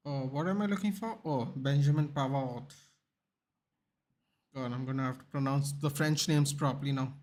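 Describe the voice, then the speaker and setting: A man's voice: medium pitch, moderate pace. A young man hosting a live football watchalong, reacting casually to the match and chatting with viewers. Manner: animated, chatty, reacts to the game and reads chat.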